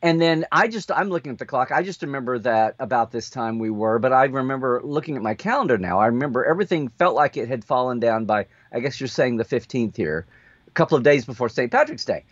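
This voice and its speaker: A man hosting a casual video chat, telling an anecdote in an animated way and acting out the quotes. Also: medium pitch, fast, no room sound, muffled recording. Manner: animated storyteller, acts out quotes. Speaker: host.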